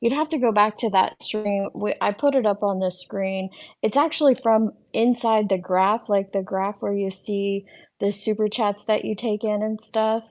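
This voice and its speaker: A woman hosting a casual stream chat, her voice carrying a gravelly fry. She talks conversationally and leans in hard when she's making a point. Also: mid-range voice, fairly even intonation, moderate pace. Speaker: host.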